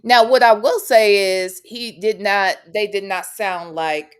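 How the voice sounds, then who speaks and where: A woman's voice: medium pitch, slow, smooth. A woman hosting a podcast in casual chat, frank and opinionated, swearing bluntly as she talks. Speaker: podcast host.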